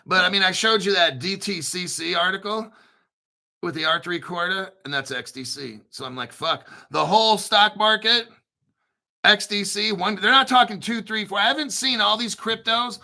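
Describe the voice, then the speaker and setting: A man hosts a crypto livestream in a high-pitched, pushed and bright voice with vocal fry, speaking at normal speed. His casual commentary is blunt, profane and rambling, and he reads viewer chat aloud.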